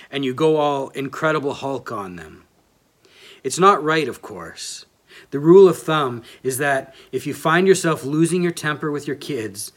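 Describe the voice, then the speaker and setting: A man gives a sermon in a relaxed, self-deprecating way. His voice sits at an ordinary middle pitch. He reads passages aloud from scripture and from a book.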